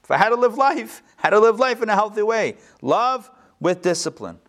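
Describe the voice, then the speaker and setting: A rabbi giving a live Torah class, animated, with joking asides and quick self-corrections. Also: male voice, high voice.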